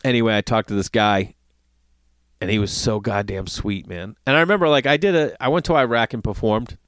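A man's voice: fairly low pitch, fairly quick, no room sound. A middle-aged man telling a story in a casual monologue, ranting and swearing as he goes. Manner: profane, ranting, animated storytelling.

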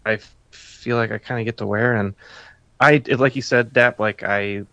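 A man, a comic artist guest, chatting casually, excited and laughing often. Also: fairly low pitch, normal speed, gravelly, no echo, lo-fi sound. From Chicago area. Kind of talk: casual chat.

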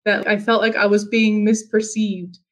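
A woman's voice: medium pitch, little pitch movement, moderate pace, low-quality recording. A woman from Finland telling a personal story as an interview guest, earnest, with frequent restarts and fillers.

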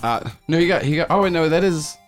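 Lively-voiced man running a game. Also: a little high, fast talker, faint music behind. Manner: rambling, laughing, lots of fillers. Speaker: game master. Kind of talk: narrating a tabletop game.

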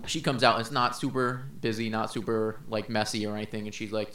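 A man's voice: fairly low pitch, little pitch movement, fairly quick, hardly any pauses, a bit bright, echoey room. A young man casually telling a work story on a podcast, laid-back and sprinkled with swearing. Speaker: podcast co-host.

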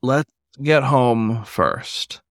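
A man voicing an affectionate, teasing male black bear who talks in a low growl. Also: expressive, very slow, dry recording, clean studio sound. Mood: fond.

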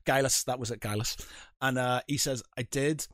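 A man's voice: mid-range voice, fairly even intonation, normal speed, a bit bright, no echo, clean studio sound. A man, co-hosting a casual podcast chat, rambling and laughing often as he retells a game session. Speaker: podcast co-host.

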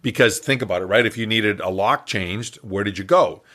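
An older man, a business coach, telling an animated story as a podcast guest and acting out the dialogue with chuckles. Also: on the low side, normal speed.

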